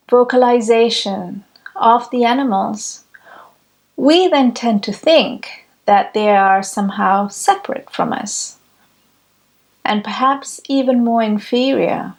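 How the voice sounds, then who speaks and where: A woman giving a reflective spiritual teaching talk, with measured, deliberate phrasing. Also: fairly high pitch. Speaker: spiritual speaker.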